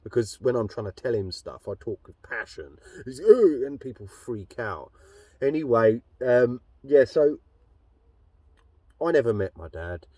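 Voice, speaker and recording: A man's voice: mid-range voice, expressive, unhurried, warm tone, dry recording. A man telling a personal story in a blunt, rambling way, swearing heavily. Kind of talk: casual storytelling monologue.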